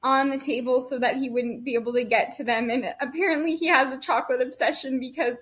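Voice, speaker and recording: A woman's voice: sits high, steady tone, quick pace, fairly bright tone. A young woman hosting a podcast, chatty and teasing in casual conversation. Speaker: podcast host.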